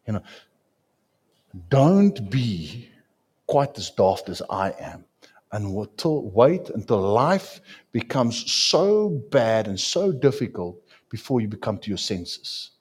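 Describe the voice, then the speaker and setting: A man preaching a sermon as a pastor, with dramatic swings in pitch and loudness. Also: sing-song, slow, husky.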